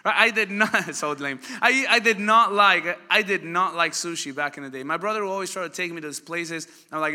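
High-ish guy preaching, chatty stories, keeps asking the crowd stuff. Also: brisk, few pauses. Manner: animated storytelling, asks the crowd questions. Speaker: pastor. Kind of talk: sermon. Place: church hall. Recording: church hall reverb.

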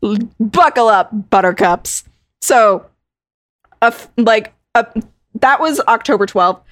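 A woman's voice: fairly high pitch, lively intonation, takes it slowly, fairly bright tone, no echo. A woman co-hosting a podcast, telling a story in a chatty way, swearing freely and laughing often. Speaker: podcast co-host. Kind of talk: casual podcast chat.

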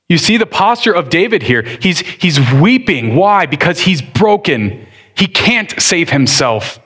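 Earnest slow-preaching man pastor. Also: on the high side, big pitch swings, a bit bright, breathy edge. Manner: earnest preaching, shifting between slow deliberate stress and quick bursts. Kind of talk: sermon.

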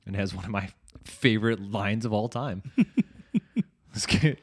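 A man's voice: fairly low pitch, measured pace, slightly rough. A man co-hosting a casual podcast chat, telling stories and acting out other people's lines in funny voices. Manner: animated storyteller, acts out quotes in funny voices. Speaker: podcast co-host.

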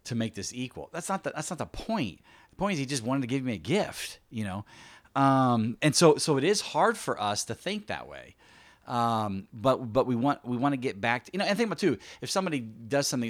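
A man co-hosting a casual faith discussion, telling stories with lively asides and acting out quoted speech. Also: mid-range voice, fairly quick, no echo. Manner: animated storytelling, acts out quoted speech.

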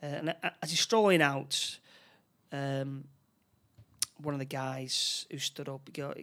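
A man recapping a film plot in casual chat, with halting delivery, many restarts and tag questions. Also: mid-range voice, steady tone, pushed and bright.

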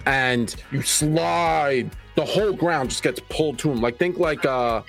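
Slow-talking man game master. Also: on the high side, vocal fry, a bit bright, faint music behind. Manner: slow, descriptive narration. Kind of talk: narrating a tabletop game.

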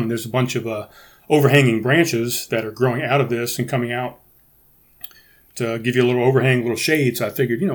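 Rambling, profane male podcast host. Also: mid-range voice. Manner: rambling and profane, with many restarts. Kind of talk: casual solo podcast chat.

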